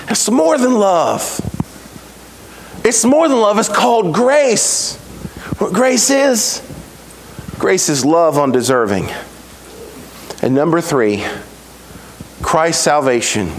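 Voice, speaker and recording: High-voiced preaching man, emphatic. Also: a little hiss or hum, rough recording. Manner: preaching with emphatic repetition and dramatic pauses. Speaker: pastor. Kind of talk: sermon.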